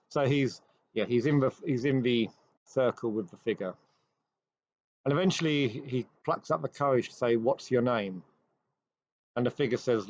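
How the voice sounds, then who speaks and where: A man hosting a show, retelling an old ghost story with measured pacing and dramatic pauses. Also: medium pitch, slight background noise. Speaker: host. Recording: dry, slightly dull recording.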